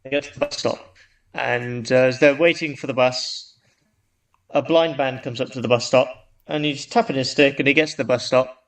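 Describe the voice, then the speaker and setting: A man's voice: mid-range voice, fairly even intonation, normal speed. A man co-hosting a podcast, telling a long joke in a casual, rambling way with frequent restarts. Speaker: podcast co-host.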